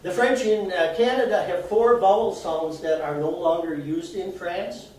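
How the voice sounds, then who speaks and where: A man's voice: high-pitched, normal speed, a little mellow. Man giving a talk in an echoey hall. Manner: chatty, explains with examples, laughs at himself. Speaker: presenter. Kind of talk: live talk to an audience. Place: arts center event room, indoors. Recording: echoey hall, voice from far off, faint noise.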